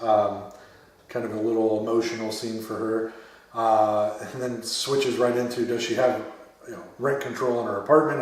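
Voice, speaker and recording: A man's voice: mid-range voice, very echoey, distant mic, low-quality recording. A man hosting a horror show, giving a casual film review at home in a rambling way, with many fillers and blunt swearing. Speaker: horror podcast host. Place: his home den filled with memorabilia.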